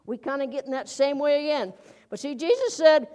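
A woman with a high voice preaches a conversational sermon. She tells it in a folksy, lively way and keeps throwing rhetorical questions at her listeners. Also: normal speed, long pauses.

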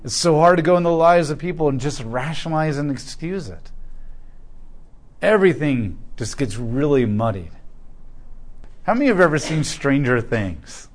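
Slightly high-voiced male preacher. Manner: conversational storytelling, with asides to the congregation. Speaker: pastor. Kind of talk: sermon.

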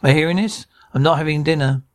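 A man's voice: on the high side, quick pace, lightly acted. An actor playing an irritable middle-aged man who squabbles in sitcom dialogue, stammering and restarting. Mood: bickering. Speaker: sitcom character.

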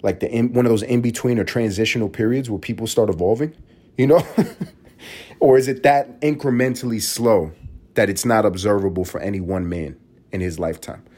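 Husky-voiced man ranting on a podcast. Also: lowish voice, a little fast, mellow. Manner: rambling, profane, riffing with restarts. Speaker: podcast host. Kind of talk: casual solo podcast monologue.

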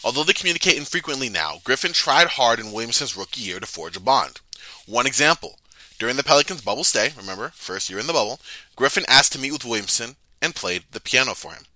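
Bright-voiced man talking sports, chatty. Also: mid-range voice, expressive, quick pace, no room sound. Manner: chatty, stammers and restarts, reads quotes aloud. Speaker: sports podcast host. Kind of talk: casual sports commentary.

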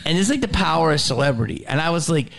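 A middle-aged man hosting a podcast, telling a profane, animated story in casual chat and acting out the quoted lines. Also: fairly high pitch, fast, creaky. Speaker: podcast host.

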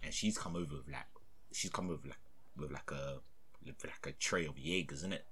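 A young adult man casually tells a story at a fairly quick pace, acting out the voices of the people in it with big pitch jumps and laughter. The recording is very noisy.

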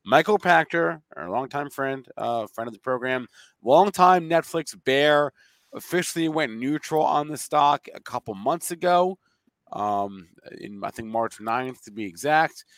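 A man's voice: medium pitch, animated, a little slow, a bit bright, no echo. A man of thirty-one co-hosting a casual stock market show, explaining news plainly. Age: 30s. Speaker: co-host.

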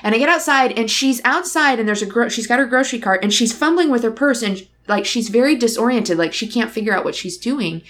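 A woman's voice: a little high, animated, a little fast, few pauses, a bit bright. Woman, conversational storyteller; candid, reflective, voices the dialogue. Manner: candid, reflective, acts out dialogue in her stories. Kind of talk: casual conversation, personal storytelling.

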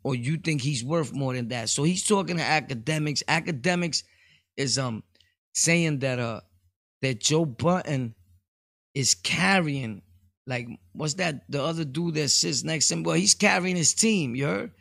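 Gravelly, rambling New podcaster. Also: male voice, on the high side, a little slow, fairly bright tone, no room sound, clean studio sound. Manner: rambling, laughing asides, street slang. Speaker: podcast host. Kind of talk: casual solo podcast commentary.

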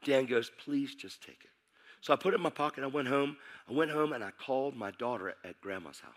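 A man's voice: mid-range voice, lively intonation, fast talker. A middle-aged man preaching his testimony as a sermon, telling his story intensely and acting out the dialogue.

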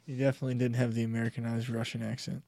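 A man with a gravelly voice co-hosts a podcast, dropping wry, teasing remarks into the casual chat. The sound is dry, with no room echo. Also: medium pitch, flat delivery, rapid-fire, mellow. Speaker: podcast co-host.

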